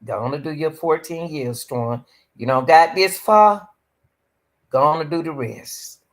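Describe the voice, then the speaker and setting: A woman's voice: sits low, a little slow. A woman hosting a reaction stream, pleading and preaching as she comments on a video, often calling out to the Lord.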